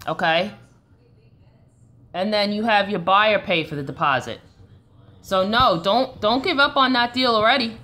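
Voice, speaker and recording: A woman's voice: medium pitch, pushed and bright. A woman with a Long Island New York accent, hosting a casual live stream and answering viewer questions in a chatty, coaching way.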